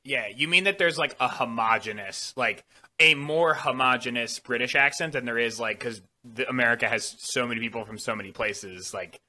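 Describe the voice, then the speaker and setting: A man's voice: medium pitch, moderate pace, sharp tone. A man co-hosting a casual movie podcast, chatty and agreeable, with lots of fillers. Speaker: podcast co-host. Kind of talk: casual chat.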